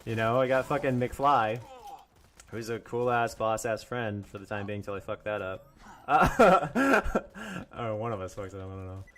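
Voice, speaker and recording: A man's voice: lowish voice, expressive, moderate pace, a bit bright. A young man ranting on his own live stream, angry and profane, mocking others in put-on voices and laughing often.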